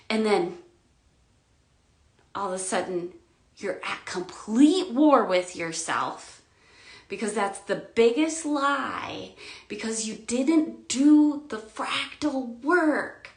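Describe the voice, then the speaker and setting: A woman giving an emotional spiritual monologue, swinging between loud outbursts and quiet murmurs, near tears. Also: on the high side, expressive, takes it slowly, roomy sound. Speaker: spiritual vlogger.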